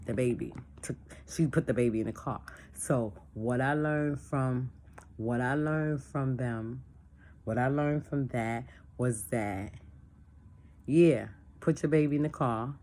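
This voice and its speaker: This very deep female voice moves slowly, with a little hiss or hum in the recording. Leading a church discussion as a casual chat, she talks plainly, goes over her points more than once, and brings phone calls and conversations to life by acting them out.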